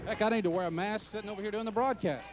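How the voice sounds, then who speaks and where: A man calling a wrestling match play-by-play, excited and joking. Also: high voice, rapid-fire, music in the background. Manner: excited, joking, shouts at big entrances. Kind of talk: play-by-play commentary.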